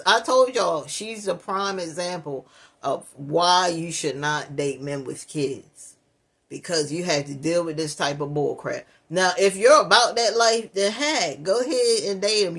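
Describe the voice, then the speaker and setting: A slightly high-voiced man runs a reaction channel, chatting straight to his viewers in a loose, casual way. He pokes fun at the clip he is watching and lectures his audience between jokes. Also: unhurried, fairly bright tone, breathy edge. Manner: mocking, laughs at the clip, addresses viewers as y'all. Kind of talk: reaction commentary.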